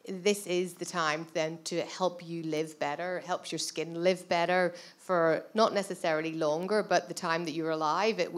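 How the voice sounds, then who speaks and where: A woman speaking as a panelist in a discussion, measured and agreeable. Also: lowish voice.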